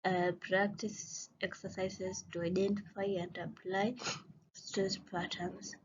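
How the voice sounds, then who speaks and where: A woman teacher reads a phonetics course outline in a slow, careful, halting way, often breaking off to restart a word. Her voice sits at a middle pitch. The recording is a bit dull and lo-fi, with a faint hiss behind her. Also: flat delivery. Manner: slow, halting reading with frequent restarts on words.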